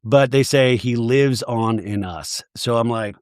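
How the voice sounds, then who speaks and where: Animated, sarcastic male podcast host. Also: mid-range voice, normal speed, few pauses, dry recording, clean studio sound. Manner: animated and sarcastic, swears, acts out the cast's lines. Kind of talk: comedic reality TV recap.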